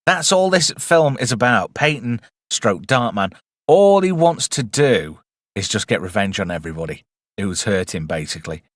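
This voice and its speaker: A man's voice: on the low side, lively intonation, moderate pace, dry recording, clean studio sound. A man hosting a casual live film review stream, chatty and wry with rambling asides.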